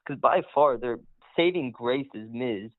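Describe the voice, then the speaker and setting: A man's voice: mid-range voice, measured pace, no echo. Male phone-in caller, easygoing, thin phone sound, dry. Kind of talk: casual phone-in chat. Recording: tinny phone line.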